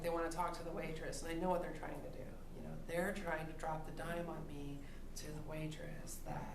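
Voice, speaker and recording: On a theatre stage before a live audience, a woman of forty performs a stand-up set, ranting wryly and laughing often. Her voice is fairly low in pitch. The recording is very noisy, with a roomy live-theatre sound and loud crowd laughter.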